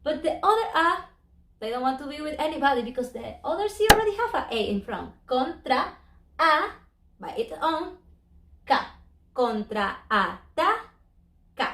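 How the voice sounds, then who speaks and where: A high-pitched woman teaches an online language lesson, breaking words into syllables slowly and carefully. Her voice rings out in a roomy, echoey space. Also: big pitch swings, a bit bright, slight background noise. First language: Spanish. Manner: slow, careful spelling out of syllables. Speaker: Spanish teacher.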